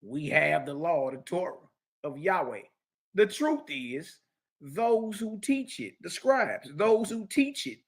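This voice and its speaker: In a heated scripture lecture, a male religious teacher speaks in a high, pushed, bright voice. He is mocking and confrontational, tossing in slangy asides and repeating key phrases.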